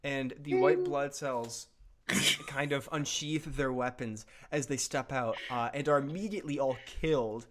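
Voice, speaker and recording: A man's voice: mid-range voice, unhurried, slight background noise. A man narrating as game master of a comedic tabletop game, loose and rambling with fillers.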